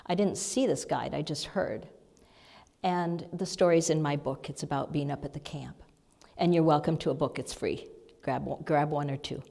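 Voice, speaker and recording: Woman minister, low-pitched, soft and halting, chatty sermon in a reverberant church hall. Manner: soft, halting storytelling with breathy asides and laughs. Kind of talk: conversational sermon lesson. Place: church hall, seated before the congregation. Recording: long reverb of a large hall.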